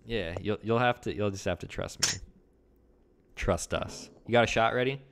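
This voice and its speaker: A young man co-hosting a casual podcast, laid-back and joking, his voice often dropping quiet at the ends of thoughts. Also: lowish voice, quick pace, gravelly. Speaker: podcast co-host.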